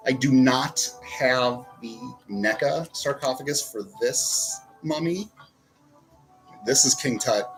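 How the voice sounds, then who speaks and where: In poor audio, a medium-pitched man with vocal fry and a fairly bright tone chats casually about toy figures. His talk wanders, and he keeps interrupting himself to mutter while he poses them.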